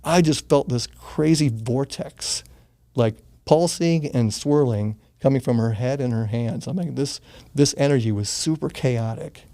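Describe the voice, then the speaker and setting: Speaking a little slowly in a mellow mid-range voice, a sixty-something man shares a personal story as an interview guest. His telling is earnest and casual, with casual swearing and moments where emotion catches in his throat.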